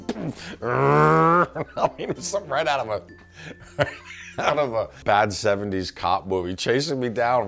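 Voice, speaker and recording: A middle-aged man telling a casual family anecdote, acting out quotes and laughing as he goes. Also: mid-range voice. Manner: animated storyteller who acts out quotes and laughs. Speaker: son telling a family story.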